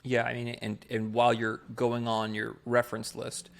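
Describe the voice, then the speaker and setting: A man co-hosts a casual podcast with a gravelly, fried edge to his voice. He sits at a middling pitch and reasons things out aloud with emphasis, often restarting as he goes. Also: monotone, moderate pace. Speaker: podcast co-host, improv performer.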